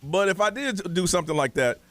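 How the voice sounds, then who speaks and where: Male radio host, high, quick and playful, dry studio mic. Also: no room sound. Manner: animated, playful, laughs often. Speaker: morning radio show host. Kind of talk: lively banter with callers.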